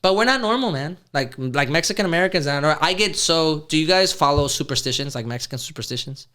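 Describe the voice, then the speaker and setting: A man's voice: fairly high pitch, expressive, quick pace, pushed and bright. A man in his thirties, a podcast host telling a story in a casual, profane way and laughing often. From Houston, Texas.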